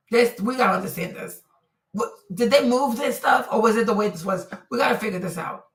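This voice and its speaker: Female stream host, somewhat high voice, emphatic repetitive commentary, recorded far from the mic in a roomy space. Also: brisk. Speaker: livestream commentator. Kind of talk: live commentary on a case.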